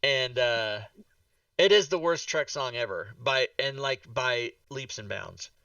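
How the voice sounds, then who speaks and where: A man hosting a podcast, telling a rambling, animated story full of swearing and acted-out reactions. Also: medium pitch, slow, gravelly, no room sound, recorded from a distance, highs cut off. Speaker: podcast host. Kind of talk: casual chat.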